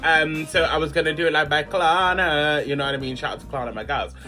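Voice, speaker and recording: A man's voice: on the high side, fast, bright, forceful tone, faint music behind. A man, chatting casually in a slangy, dramatic storytime vlog. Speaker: vlogger.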